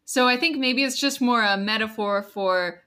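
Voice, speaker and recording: A woman chatting casually on a podcast, chatty and quick to laugh. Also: a little high, bright, forceful tone, clean tone. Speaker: podcast co-host. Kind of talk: casual chat.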